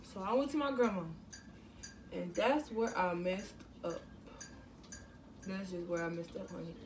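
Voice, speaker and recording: Teen girl vlogger, casual storytime, slangy and animated, mid-pitched, a bit off-mic. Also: measured pace, distant mic, a little hiss or hum.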